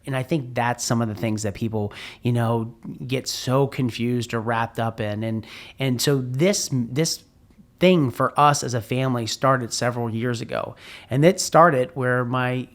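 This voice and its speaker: A middle-aged man hosting a podcast and telling a personal story in an earnest, heartfelt way, often restarting his sentences. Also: mid-range voice. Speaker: podcast host.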